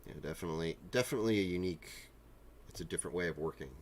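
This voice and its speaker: Man, 40s, extremely deep voice, easygoing self-mocking stream host chatting at his hobby desk. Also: rapid-fire, slight background noise. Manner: rambling, joking, self-deprecating asides. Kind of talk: casual chat while painting miniatures. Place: home hobby room with a printer and air purifier.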